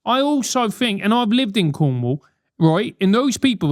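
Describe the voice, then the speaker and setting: A man's voice: high voice, big pitch swings, normal speed, dry recording, clean studio sound. A man in his thirties with a London accent, hosting a podcast and answering listener letters with blunt, sweary, mock-outraged banter. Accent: London English. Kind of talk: comedic advice monologue.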